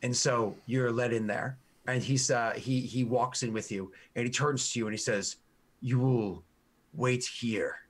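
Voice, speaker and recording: A man's voice: mid-range voice, steady tone, normal speed, few pauses. A man narrating a tabletop game as game master, rambling with restarts and fillers.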